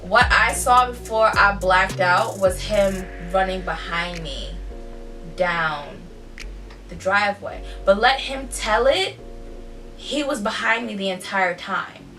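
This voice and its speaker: A young woman vlogger telling a personal story in a candid, profane, animated way. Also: mid-range voice, takes it slowly, recorded from a distance. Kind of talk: casual storytime. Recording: voice off-mic with faint music.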